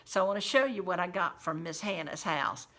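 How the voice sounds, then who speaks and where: Brisk and lowish, with lively intonation and a fairly bright tone, a woman who works as a home caregiver tells casual stories of faith drawn from her memories. She talks directly to her audience in a chatty, folksy manner, quoting scripture.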